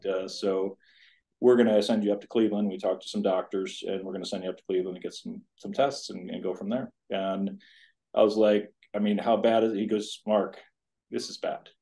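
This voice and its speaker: Speaking a little fast in a fairly low, level voice with a dark tone, this man in his fifties is a college tennis coach. He shares a personal story on a podcast, rambling earnestly and drifting into asides.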